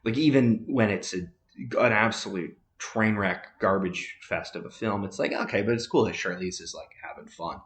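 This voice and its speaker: A man's voice: fairly low pitch, normal speed, reverberant. A man casually chatting about movies as a podcast host, rambling with many fillers and restarts.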